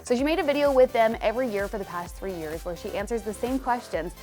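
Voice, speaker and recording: A woman's voice: fairly high pitch, quick pace, a little mellow, soft background music. A young adult woman hosting an entertainment news show, presenting stories in a chatty, breezy way with personal asides. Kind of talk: upbeat scripted news presenting.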